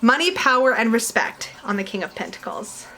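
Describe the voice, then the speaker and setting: A woman reviews tarot decks to camera in a home room, her dog close by, chatting casually, giggling and rambling with fillers. She sounds a little high, animated and bright, with a forceful tone and a moderate pace.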